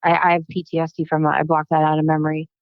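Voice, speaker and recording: A woman guest on a casual podcast, telling animated stories and acting out what people said. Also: sits low, rapid-fire, no room sound. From United States. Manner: animated storytelling, acts out quotes. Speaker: guest, plastic surgeon. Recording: dull, muffled podcast recording.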